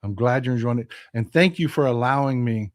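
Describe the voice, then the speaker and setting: A man's voice: medium pitch, brisk. A fifty-year-old man with a Texan accent, hosting a casual live stream and reading viewer comments aloud, often restarting his phrases. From Texas. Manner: reads chat aloud, greets viewers by name, self-correcting restarts.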